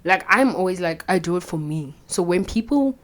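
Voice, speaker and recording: A young woman, telling a candid personal story with plenty of swearing and quiet whispered asides. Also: fairly low pitch, expressive, normal speed. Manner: blunt and profane, drops into whispered asides. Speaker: vlogger.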